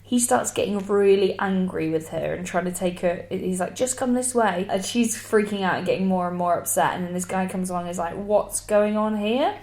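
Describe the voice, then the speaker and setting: A woman's voice: on the low side, fairly even intonation, fairly quick, hardly any pauses, a little mellow. A woman co-hosting a comedy podcast, telling anecdotes in casual chat and slipping into voices for the people in her stories. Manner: chatty storyteller who acts out voices in anecdotes. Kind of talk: casual comic chat about true crime.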